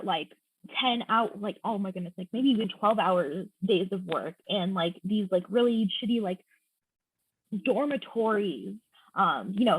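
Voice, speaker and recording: A woman's voice: medium pitch, slightly rough, no room sound, low-quality recording. A young woman from South Texas chatting casually on a podcast, filling her talk with "like.". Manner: filler-heavy, says like constantly. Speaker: podcast host. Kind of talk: casual chat.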